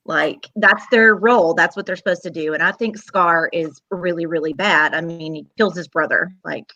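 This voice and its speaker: A woman hosting a casual chat, talkative and quick to laugh. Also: on the low side, sharp tone, muffled recording. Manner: chatty, laughs often, multitasking. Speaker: host.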